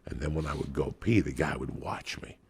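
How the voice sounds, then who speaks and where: A man telling crude, profane comic stories on a podcast in a rambling, raucous way, with a gravelly, raspy voice. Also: very deep voice, brisk, very noisy. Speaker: podcast guest.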